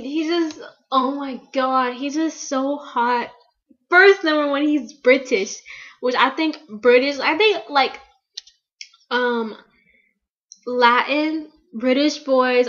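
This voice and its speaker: A woman's voice: sits high, takes it slowly, pauses often, fairly bright tone. Gushing teenage girl, lo-fi webcam sound. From United States. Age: teen. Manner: gushing, rambling with many fillers. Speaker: vlogger. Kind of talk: casual fan vlog.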